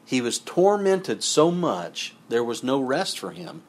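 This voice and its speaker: A man's voice: on the high side, lively intonation, slow, vocal fry, slight background noise. A man giving a sermon, reading scripture passages aloud and then explaining them in a conversational way with asides to his listeners. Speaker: preacher.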